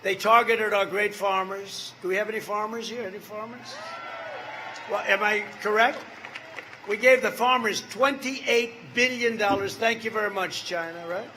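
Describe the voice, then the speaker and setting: A man's voice: high-pitched, fairly even intonation, normal speed, pushed and bright, slight background noise, poor audio. A man in his seventies giving a campaign rally speech, rambling and repetitive, with off-the-cuff asides to the crowd. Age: 70s. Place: large rally venue.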